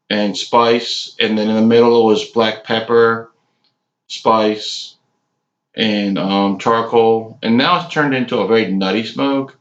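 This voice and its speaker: A man in his late forties giving a casual, rambling cigar review, halting often with ums. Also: lowish voice, a bit bright. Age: 40s. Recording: echoey room, dull lo-fi sound.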